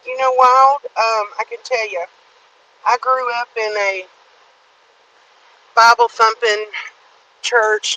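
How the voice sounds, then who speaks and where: A woman's voice: on the high side, steady tone, slow pace, pauses often, sharp tone, poor audio. A woman and parent speaking emphatically in a casual group chat.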